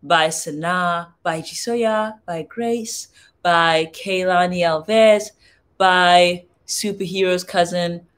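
A woman's voice: on the low side, steady tone, takes it slowly. Chatty young woman on a livestream. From Southern Africa. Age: young adult. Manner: chatty, reads viewer comments aloud, tries out foreign phrases. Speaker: livestream host. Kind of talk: casual livestream chat with viewers.

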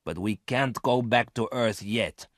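A man voicing a scheming male space thief who speaks sharply and forcefully, in a dry, close recording. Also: lowish voice, measured pace, no echo, close to an everyday voice. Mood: commanding.

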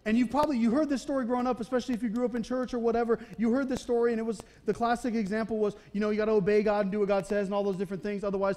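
A male pastor preaching a conversational sermon, often checking in with the congregation with a quick "okay?" or "right?". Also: sits high, a little mellow. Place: church.

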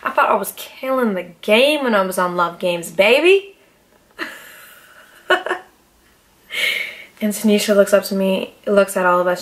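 Young woman, podcast host, casual storytelling, profane, animated, dramatic. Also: medium pitch, normal speed, long pauses.

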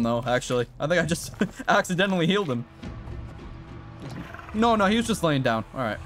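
An excitable man gives casual commentary as he plays, his voice a touch high and swinging widely in pitch. He swears freely and shouts encouragement at a companion. Game music plays clearly behind him. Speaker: gaming YouTuber.

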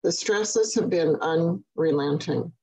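Husky, low-voiced woman presenting a webinar. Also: a little mellow, poor audio. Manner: measured, deliberate delivery with occasional restarts. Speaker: webinar speaker on healthcare quality.

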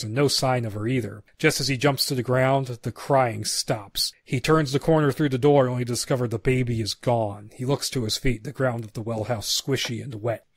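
A man's voice: medium pitch, no room sound, studio quality. A man co-hosting a podcast, chatting casually and reading screenplay narration aloud with stumbles and asides. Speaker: podcast co-host. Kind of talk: casual chat and script read-aloud.

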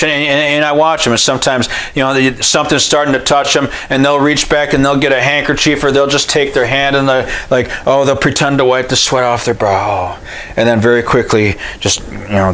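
A man preaching a revival sermon, impassioned and folksy, rising to shouts on repeated phrases. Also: medium pitch, low-quality recording. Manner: folksy and conversational.

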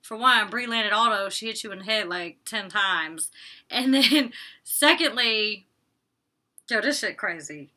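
A woman's voice: medium pitch, measured pace, bright, forceful tone. A young woman recapping a reality show in a casual vlog, chatty and opinionated, cursing freely as she acts out what the cast said. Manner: chatty and opinionated, recaps scenes with quoted lines, curses casually.

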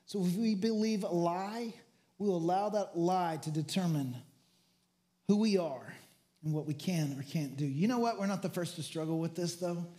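Pastor, male, high tenor, earnest sermon delivery with restarts. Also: normal speed, warm tone. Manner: acts out quoted lines with rising pitch.

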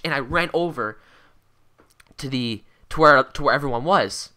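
Excitable teenage boy telling a rambling story. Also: medium pitch, fairly quick. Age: teens. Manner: excitable, swears constantly, rambling with many fillers. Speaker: vlogger. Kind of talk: casual storytelling vlog.

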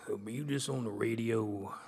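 A man putting on a soft-spoken impression of an aging male boxing champion, slow and teasing. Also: vocal fry, breathy edge, big-room sound. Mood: dry teasing. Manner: slow, low, hushed impression.

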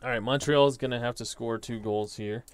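A man's voice: medium pitch, fairly even intonation, moderate pace, smooth, no echo. A young man casually talking through his tabletop soccer simulation, thinking aloud as he reads off dice results. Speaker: tabletop soccer sim host. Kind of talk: casual solo commentary.

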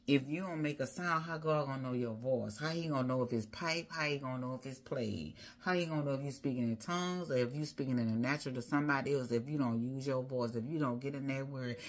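A woman with a low, husky voice preaches a rhythmic sermon. She piles up repeated phrases and rhetorical questions as she drives her points home. Her tone is deep and slightly breathy throughout. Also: a little fast. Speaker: prophetess preaching.

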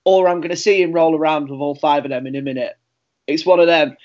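A man whose voice sits high for a man, co-hosting a relaxed podcast chat with rambling, easygoing stories. The sound is dull and lo-fi. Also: fast. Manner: easygoing, rambling anecdotes, laughs often. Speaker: podcast co-host. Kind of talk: casual chat.

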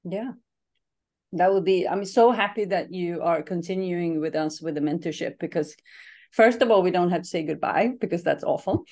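A woman's voice: fairly low pitch, normal speed, a little mellow. A woman hosting an interview at a retreat, thanking and encouraging her guest. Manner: encouraging, thankful, laughs easily.

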